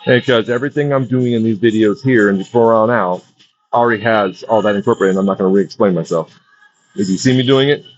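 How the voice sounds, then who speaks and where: A man's voice: on the low side, no echo. Casual man coaching a stretching class. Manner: casual, repetitive coaching with breath cues. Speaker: wellness instructor. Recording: dull lo-fi dry sound.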